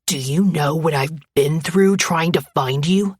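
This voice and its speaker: A menacing abusive young man, growling and sneering his threats in a low, slow, husky voice, as a woman reads him. The sound is dry and close, with no room around it. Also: no echo. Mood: threatening.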